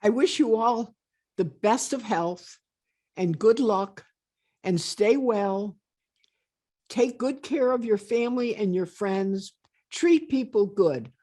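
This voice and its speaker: A retired stockbroker in her eighties, appearing as a guest on a video call, tells stories in a blunt, emphatic, plain-spoken way during a storytelling interview. Her medium-pitched voice is warm, slow and full of pauses.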